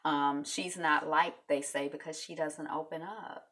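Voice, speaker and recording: A woman hosting a casual video recap of a reality show, chatty and animated, with many fillers. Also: deep voice, a little slow.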